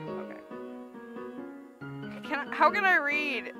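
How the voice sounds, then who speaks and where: A woman playing a video game and commenting, excitable and gasping with frequent exclamations. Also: sits high, a little slow, long pauses. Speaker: gamer. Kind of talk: let's play commentary. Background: game music.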